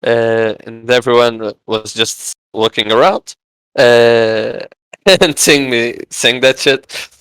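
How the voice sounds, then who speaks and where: A man with a Portuguese accent, a podcast guest telling a story in casual chat, halting with many fillers. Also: medium pitch, a bit bright, clean tone, no room sound, poor audio. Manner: halting, many "uh" fillers, acts out quoted voices.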